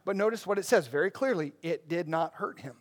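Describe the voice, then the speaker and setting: High-voiced man preaching a sermon. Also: a little fast. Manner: conversational, animated preaching with asides to the congregation. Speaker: pastor. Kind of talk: expository sermon.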